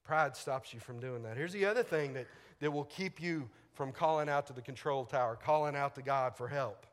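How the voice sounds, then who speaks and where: A man's voice: mid-range voice, moderate pace. A man preaching a sermon, telling a personal story animatedly, acting out radio exchanges and laughing often. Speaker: pastor. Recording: long hall reverb.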